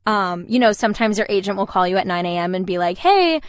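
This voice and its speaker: A woman in her twenties, a voice actor answering as an interview guest, energetic and fast-talking, acting out the lines she quotes. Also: mid-range voice, smooth, no echo, studio quality. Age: 20s. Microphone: video call.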